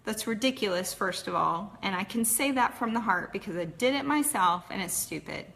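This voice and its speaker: A woman's voice: mid-range voice, expressive, moderate pace, creaky, a bit bright. A woman from Texas with a Texas accent, telling her personal story in a candid, chatty way with frequent fillers. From Texas, USA. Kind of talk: casual personal story talk.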